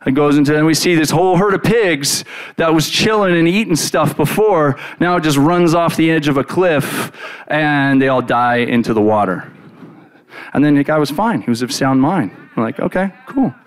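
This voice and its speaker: A man preaching by retelling a Bible story in the first person, in an animated, casual way with many fillers. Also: a little high, normal speed.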